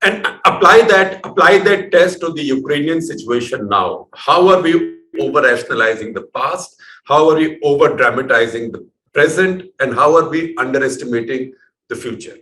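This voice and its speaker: A man's voice: a little high, animated, normal speed, bright, forceful tone, reverberant, rough recording. A man from India hosting an interview, introducing his guest at length in a discursive, conversational way. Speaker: interviewer, show host.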